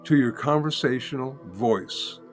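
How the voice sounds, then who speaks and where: An older man teaching as a guest in an interview, calmly explaining and demonstrating a humming practice step by step. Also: mid-range voice, measured pace, faint music behind. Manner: calm, patient, repeats steps and demonstrates by humming. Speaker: sound healing teacher, guest. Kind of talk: guided instruction in an interview.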